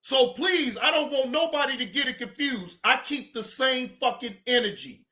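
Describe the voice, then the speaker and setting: Male streamer, high-pitched and tense, swearing and venting, then reining it in. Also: moderate pace. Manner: heated, repetitive, keeps telling himself to calm down. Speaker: livestream reaction host. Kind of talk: profane livestream rant.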